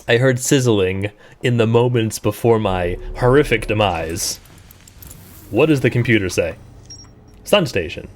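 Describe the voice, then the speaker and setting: A man streaming a game live, thinking aloud and breaking into startled, high-pitched exclamations. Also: a little slow. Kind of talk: live gameplay commentary.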